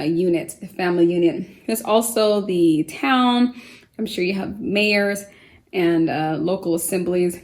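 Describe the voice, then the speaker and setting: A woman's voice: medium pitch, darkish tone. A woman teaching a vocabulary lesson to children, patient and encouraging, spelling words out letter by letter with frequent fillers. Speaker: homeschool teacher. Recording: echoey room.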